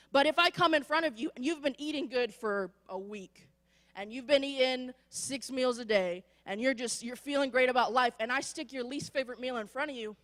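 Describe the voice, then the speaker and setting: A woman preaching a sermon in a conversational way, acting out people's excuses as she talks. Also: a little high. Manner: conversational, acts out quoted excuses. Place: church sanctuary. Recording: long church hall reverb.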